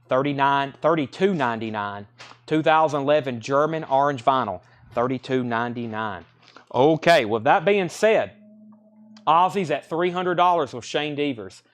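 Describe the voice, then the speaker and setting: A man hosting a live-streamed record sale, reading off albums, pressings and prices in a loose, friendly patter. He moves quickly from one title to the next and sometimes stumbles over names. His voice sits at a typical pitch. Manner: friendly and easygoing.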